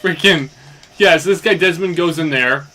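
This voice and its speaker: This let's play commentator is a young man with a pushed, bright voice on the high side, talking at a moderate pace. He rambles through a casual story recap while gaming, his speech loose and packed with fillers like "like" and "basically."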